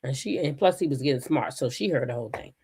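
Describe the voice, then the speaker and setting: A woman hosting her own channel, telling stories in a blunt, profane, animated style. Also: very deep voice, fast talker, husky. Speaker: channel host. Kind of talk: casual commentary chat.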